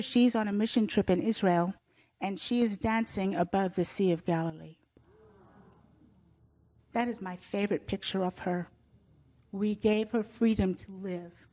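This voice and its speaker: An older woman speaks to a church congregation about her faith. Her voice sits at an ordinary pitch for a woman. She talks in an earnest, heartfelt way and slips in gentle humor now and then. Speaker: guest speaker sharing a faith testimony. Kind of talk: personal testimony to a church audience.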